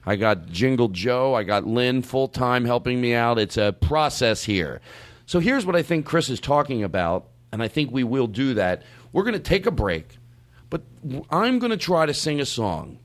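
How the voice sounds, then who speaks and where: A man's voice: mid-range voice, very animated, normal speed. A man hosting a podcast in casual studio chat, rambling and joking and often breaking off his own sentences. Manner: rambling, joking, self-interrupting. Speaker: podcast host.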